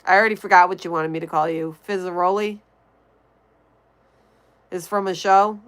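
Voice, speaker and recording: A woman's voice: on the low side, steady tone, moderate pace, fairly bright tone, rough recording. A young woman from Connecticut hosting a casual livestream, chatting and greeting viewers by name as she reads the chat. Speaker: livestream host.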